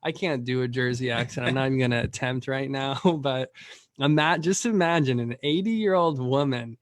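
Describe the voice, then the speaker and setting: A man who runs a lead-generation business, chatting casually and telling rambling, animated stories full of fillers. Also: medium pitch, moderate pace.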